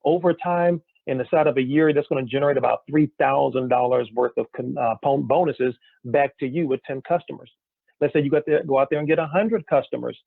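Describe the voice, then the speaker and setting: Raspy guy doing a hyped sales pitch, keeps asking the crowd questions, dry tinny audio. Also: fairly quick, dry recording. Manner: energetic, rhetorical questions, keeps saying "guys". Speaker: business opportunity presenter. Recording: tinny phone-like dry recording.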